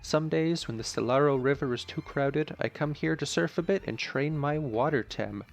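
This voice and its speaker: A gracious British-accented woman dojo master with a formal, well-mannered way of speaking, as a man raises his voice to put her on. The lifted pitch sits above his own low, gravelly voice, and faint game music plays underneath. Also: moderate pace.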